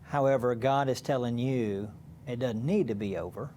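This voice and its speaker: A man interviewing a guest for a church program, affirming and animated when he makes a point. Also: medium pitch, moderate pace, a little hiss or hum.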